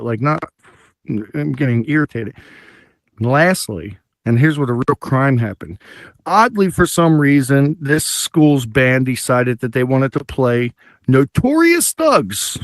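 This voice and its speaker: A man's voice: mid-range voice, slow pace, pauses often, dry recording, studio quality. A man hosting a live comedy talk show, telling a story casually and acting out the sounds a band makes. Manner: animated, imitates band sounds and acts out quotes. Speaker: show host.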